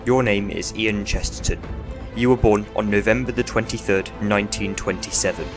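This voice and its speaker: A man's voice: on the low side, steady tone, moderate pace, over music, close to an everyday voice. A man reading as a breezy ancient time traveller. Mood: calm. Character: ancient eccentric male time traveller, cheerful. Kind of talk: fan audio drama reading.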